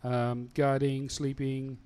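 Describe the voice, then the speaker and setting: A man guides his players through a tabletop game on a live stream. He talks slowly and loosely, with plenty of fillers and easy laughs. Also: mid-range voice, clear, resonant tone. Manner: laughing, relaxed, hesitant with fillers. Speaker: game master.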